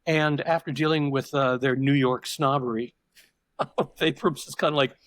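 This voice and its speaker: In conversation, the older man spins reflective stories, straying from the point and often restarting his sentences. He talks at normal speed with fairly even intonation, his mid-range voice a bit bright in a dry recording.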